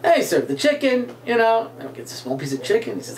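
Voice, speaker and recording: A middle-aged man, a rabbi being interviewed, telling stories and jokes with lively character voices. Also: fast, few pauses. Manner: animated joke-telling, acts out characters with jumps in pitch. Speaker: guest speaker, rabbi. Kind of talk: storytelling interview chat.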